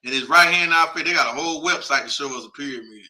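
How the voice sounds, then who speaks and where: Racing along in a fairly high, sharp-toned voice, the host of a casual broadcast reads through a list off a map while thinking out loud. His talk is aimed squarely at viewers and stays informal and chatty.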